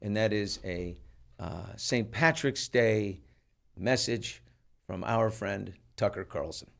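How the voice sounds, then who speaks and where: Brief: older male host, lively storyteller, self-mocking, plays every part. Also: fairly low pitch, slow pace, vocal fry. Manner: animated, self-mocking, acts out quotes. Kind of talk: casual storytelling on a talk show.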